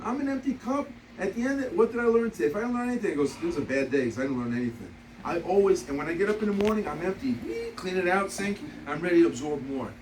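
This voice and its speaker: Man in his 50s, sales trainer, bit high-pitched, animated storyteller, recorded from afar in a roomy, noisy room. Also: distant mic. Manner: animated storyteller, laughs through anecdotes; blunt, repeats key points. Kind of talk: motivational sales training talk.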